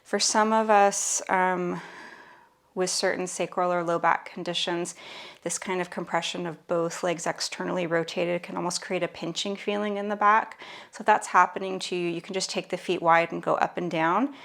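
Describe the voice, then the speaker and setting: In a fairly low, creaky voice with a fairly bright tone, a Pilates instructor guides a mat workout at normal speed and with fairly even intonation. She cues each move casually and playfully while doing it herself, getting winded at times.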